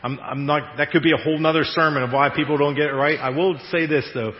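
A male pastor giving a conversational, animated sermon in a church and laughing now and then at his own jokes. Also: fairly high pitch, quick pace. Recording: echoey hall, dull radio-like sound.

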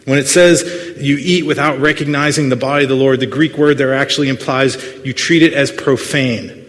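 A man's voice: medium pitch, steady tone, brisk. A man preaching a sermon as pastor, earnest but full of playful jokes and asides to the congregation. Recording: long hall reverb.

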